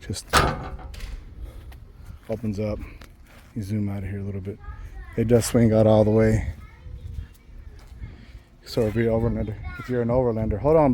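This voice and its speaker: Rambling man with a mellow voice. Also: on the low side. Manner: rambling, with frequent 'um' and restarts. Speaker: channel host reviewing a bumper install. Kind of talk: casual install walkthrough and review.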